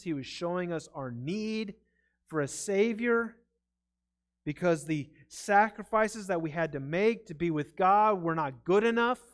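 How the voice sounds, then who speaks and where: A pastor preaches a sermon in a church sanctuary in a high, smooth voice. He's earnest and conversational, though he stumbles over his words now and then.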